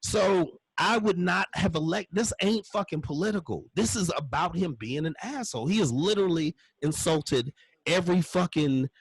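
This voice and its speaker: A man's voice: sits high, expressive, moderate pace, husky, no echo, low-quality recording. A man doing a stand-up comedy set, ranting in a loose, profane way with constant curse words.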